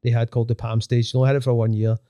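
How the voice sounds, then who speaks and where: Male DJ guest, young, mellow, dry close sound, rambles fast and swears freely. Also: medium pitch, level tone, dry recording. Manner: fast rambling talk, swearing, full of fillers. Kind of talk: casual chat.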